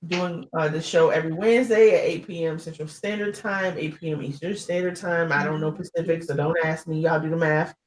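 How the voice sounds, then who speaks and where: A woman's voice: fairly low pitch, a little hiss or hum. A woman host closing the show, rambling through thanks with laughter. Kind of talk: show sign-off. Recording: echoey room.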